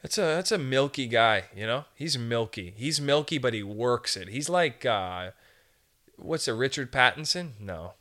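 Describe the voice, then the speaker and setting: A man's voice: mid-range voice, animated, a little slow, sharp tone. A young man hosting a podcast, rambling through a jokey casual monologue and slipping into put-on voices now and then. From Canada. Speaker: podcast host.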